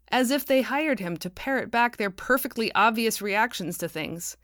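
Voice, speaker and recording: A woman reads her own novel aloud in a wry, dry narrating voice. The sound is close and dry, with steady, even storytelling. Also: mid-range voice, normal speed, few pauses, no room sound. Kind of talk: audiobook narration.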